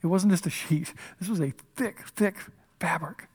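A male pastor preaching an impassioned sermon at a church service, swinging from loud declarations to hushed whispers. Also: sits high, normal speed, husky.

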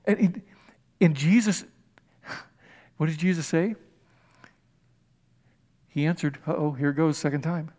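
A man preaching a conversational Bible sermon, animated and chatty with humorous asides. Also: high-pitched, normal speed, long pauses, long reverb tail.

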